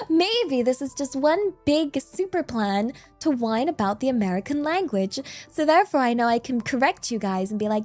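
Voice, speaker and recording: A woman's voice: high-pitched, animated, moderate pace, faint music behind. A woman with an English accent, chatting casually as a streamer, rambling and playful with lots of fillers. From England. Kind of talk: casual chat.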